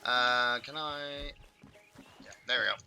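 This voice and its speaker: A man hosting a game stream, giving excitable, shouty commentary with playful trash talk. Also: mid-range voice, slow. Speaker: gaming host. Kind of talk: live gameplay commentary.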